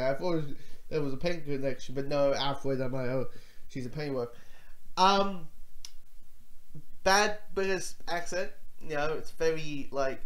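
A reviewer talking through a TV episode in a casual video review, rambling with many restarts and self-corrections. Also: medium pitch.

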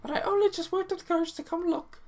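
A man voicing a timid, heartbroken young woman in a high, soft, meek and apologetic voice. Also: fairly even intonation, fast. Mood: sad.

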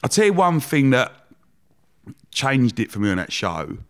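A young man spins a story as an interview guest, animated and lively in his telling. He swears freely and slips into the voices of the people he quotes. His voice sits at an ordinary middle pitch. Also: moderate pace, smooth. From Romford, England. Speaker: guest entrepreneur.

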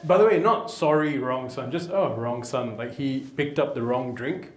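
Performing stand-up comedy with crowd work, a man speaks in a mid-range voice with lively intonation at a moderate pace, tossing cheeky asides to the audience. A live crowd can be heard in the echoey venue.

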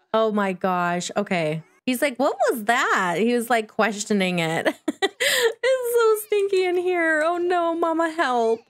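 A young woman chatting through her gameplay as a channel host, exclaiming often. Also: on the high side. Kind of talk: gameplay commentary.

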